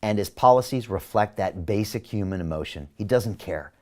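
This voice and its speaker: A man's voice: fairly low pitch, lively intonation, moderate pace, darkish tone. Emphatic man rallying an online audience. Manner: emphatic and rallying, with repeated rhetorical questions. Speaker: mayoral candidate and show host. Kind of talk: campaign address to viewers, reading out comments.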